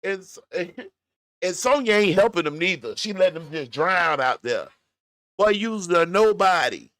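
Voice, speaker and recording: A man's voice: high voice, lively intonation, moderate pace, fairly bright tone, dry recording. A man hosting casual reaction commentary, talking folksy and straight to his viewers. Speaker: commentary host.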